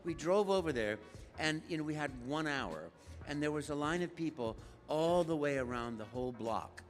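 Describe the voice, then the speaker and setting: Older guy telling stories on stage, playful and lively, a bit high voice, faint music in the hall. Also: normal speed. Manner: animated, playful, slips into character voices. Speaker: guest voice actor. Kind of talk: live stage Q&A storytelling. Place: live stage at a convention.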